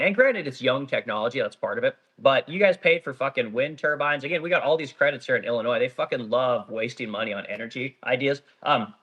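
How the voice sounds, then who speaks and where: Heard through dull audio, a middle-aged man with a mid-range voice rants profanely and bluntly while reading viewer comments on a casual livestream. He's from Oregon and owns a small business.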